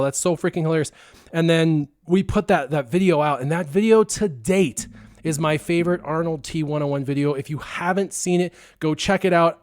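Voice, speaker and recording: A man hosting a gaming channel, telling a story to his viewers in a casual, excitable and animated way, stressing words for effect. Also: fairly high pitch, no room sound, studio quality.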